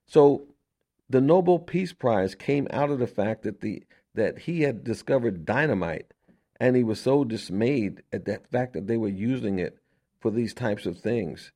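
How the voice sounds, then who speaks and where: A man's voice: medium pitch, expressive, a little slow, dark tone. A man hosting a radio show, explaining history to listeners in an emphatic, conversational way, asking rhetorical questions and often repeating himself. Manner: repeats words and restarts often. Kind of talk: conversational history lecture on air.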